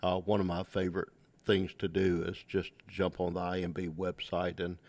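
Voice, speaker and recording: Man, podcast host, very low voice, flat delivery, encouraging listeners. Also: normal speed, gravelly. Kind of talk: interview hosting.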